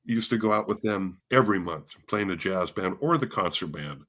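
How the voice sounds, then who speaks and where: Here the music school's head of bands, a man from Spokane, Washington, talks at normal speed in a low, slightly bright voice with lively intonation. As an interview guest he rambles casually, downplays himself, and keeps restarting amid lots of fillers.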